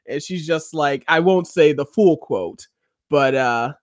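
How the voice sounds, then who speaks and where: A man co-hosting a podcast, casually recapping a TV episode with animated storytelling and loud excited outbursts. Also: fairly high pitch, slow, no echo, clean studio sound. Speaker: podcast co-host.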